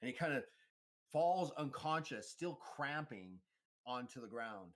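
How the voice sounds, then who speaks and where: A man narrating a tabletop role-playing game as game master, talking in a loose, halting way with many fillers. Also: mid-range voice, animated.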